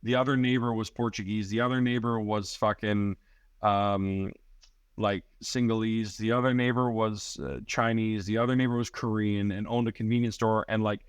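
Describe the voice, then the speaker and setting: A man's voice: lowish voice, flat delivery, moderate pace, clear, resonant tone, no room sound. A man from Canada, a comedian guest, telling loose, profane stories full of filler words on a podcast. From Richmond Hill, Ontario, Canada. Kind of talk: casual podcast storytelling.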